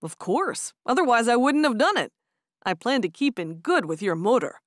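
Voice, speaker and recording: A woman narrator voicing a steady, playful young Amish man who speaks firmly. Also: fairly high pitch, moderate pace, no room sound, studio quality. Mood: warm. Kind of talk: audiobook character voice.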